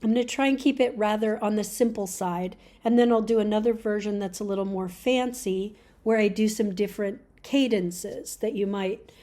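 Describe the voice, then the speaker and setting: A middle-aged woman giving a relaxed spoken lesson on church chanting, explaining with fillers and restarts. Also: mid-range voice, moderate pace, few pauses. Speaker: chant teacher.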